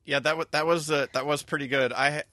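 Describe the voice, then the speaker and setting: Bright-voiced man rambling casually. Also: a little high, steady tone, fast, no room sound. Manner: rambling, self-correcting, chuckles often. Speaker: podcast co-host. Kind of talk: casual chat.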